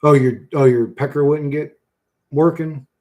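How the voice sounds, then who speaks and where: A man's voice: on the high side, steady tone, a little slow, darkish tone. A man hosting a casual livestream, reading chat and answering bluntly with lots of swearing and "bro.".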